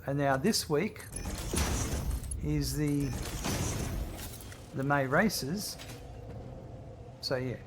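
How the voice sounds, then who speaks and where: A man's voice: on the high side, drawn-out words, pauses often, noisy background. A man chatting casually while he plays through a game tutorial, rambling and reading out viewer messages. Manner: rambling, reads out viewer chat. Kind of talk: casual chat while playing.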